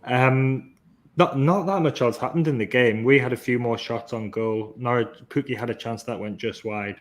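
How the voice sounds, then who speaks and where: A man hosting a football podcast, talking through the match in a measured, analytical and enthusiastic way. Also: medium pitch. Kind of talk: casual football podcast chat.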